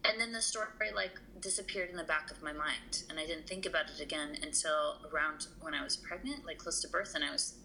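Lady on a podcast, kinda low and gravelly, bright edge, earnest and rambly. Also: a little hiss or hum, poor audio. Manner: earnest, emotional, many fillers and restarts. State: tearful. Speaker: podcast guest. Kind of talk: conversational interview.

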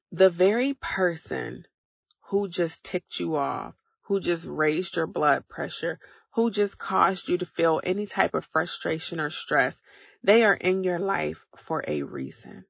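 Gravelly-voiced woman coaching podcast listeners. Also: fairly low pitch, a bit bright, no room sound, lo-fi sound. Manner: encouraging, coaching listeners directly. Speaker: podcast host. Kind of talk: motivational podcast talk.

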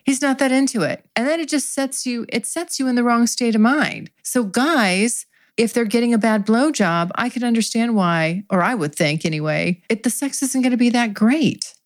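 A woman's voice: on the high side, expressive, normal speed, no room sound. Woman, podcast host, candid chatty monologue, frequent laughs, dry close sound. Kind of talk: frank solo podcast monologue.

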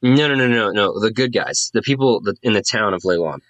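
A man's voice: fairly low pitch, fairly quick, a bit bright, no echo. Man, game master, casual narration, lots of fillers, dry close sound.

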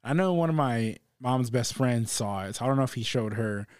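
A young man, a stand-up comedian, talking casually as a podcast guest, relaxed and often laughing. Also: medium pitch, fairly quick, smooth, dry recording, studio quality. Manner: relaxed, agreeable, laughs as he tells stories. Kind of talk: casual conversation.

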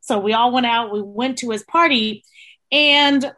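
A woman from South Texas chatting as a podcast guest, with a fairly high voice. She tells lively stories, swears freely and acts out the people she quotes. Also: a little slow. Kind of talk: casual chat.

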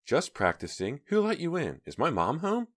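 Male narrator playing a scoffing teenage girl, higher voice, sharp and dismissive. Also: wildly swooping pitch, normal speed. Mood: scornful. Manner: sarcastic, scoffing. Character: scornful sneering teenage girl.

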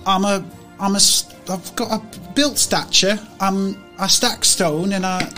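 Man putting on a young farm lad, northern English accent, slow drawl, higher bright voice. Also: steady tone, soft background music. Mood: boastful. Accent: put-on northern English. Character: sturdy eleven-year-old farm boy.

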